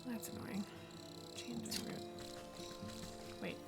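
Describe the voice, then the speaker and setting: A woman streaming a video game, chatting casually to herself, with mild swearing, over loud game music. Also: takes it slowly. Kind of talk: casual gameplay commentary.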